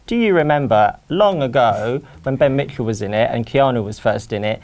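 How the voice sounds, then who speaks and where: Bloke cohosting a soap chat podcast, jokey, voice jumps all over. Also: male voice, mid-range voice, expressive, normal speed, a little mellow. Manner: playful, puts on silly voices for jokes. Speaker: podcast co-host. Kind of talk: casual chat.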